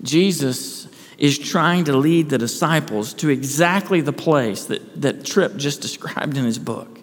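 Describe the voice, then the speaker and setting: A pastor preaches to his congregation in an earnest, searching way, often circling back on a word before pressing on. His voice sits a little higher than most men's. The sanctuary rings with a long reverb around him. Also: measured pace. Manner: earnest preaching with repeated restarts, rhetorical questions. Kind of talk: sermon. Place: church sanctuary.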